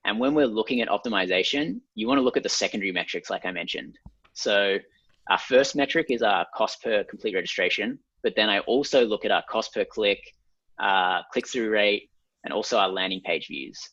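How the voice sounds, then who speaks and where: An Australian man with a lowish, husky voice talks through marketing numbers in a steady, methodical way, pausing on ums. The room sounds dry and close, and the audio is a little dull and lo-fi. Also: dry recording. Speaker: ad consultant guest. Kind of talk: explaining a screen walkthrough.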